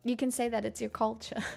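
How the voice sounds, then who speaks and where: A woman's voice: fairly high pitch, little pitch movement, moderate pace, gravelly, soft background music. A young woman streamer chatting casually and candidly with viewers, rambling and swearing freely. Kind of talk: casual chat answering viewer questions.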